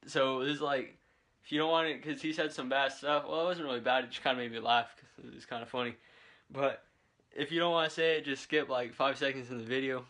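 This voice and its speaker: Speaking briskly in a somewhat bright, medium-pitched voice with fairly even intonation, a young man who is both a vlogger and a military recruit chats from his bedroom. He holds the camera himself and rambles casually, dropping plenty of fillers.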